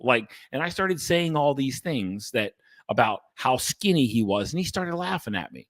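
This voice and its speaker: A man's voice: mid-range voice, expressive, normal speed, a bit bright, no echo. A man hosting a podcast, talking bluntly and emphatically to his listeners, swearing freely and often restarting his sentences. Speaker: podcast host and coach. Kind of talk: casual monologue to listeners.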